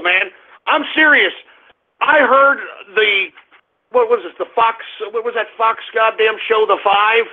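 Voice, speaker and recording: A male talk radio host ranting in a sarcastic, profane style. His voice is unusually high for a man and has a gravelly fry. It sounds thin and narrow, like a phone line.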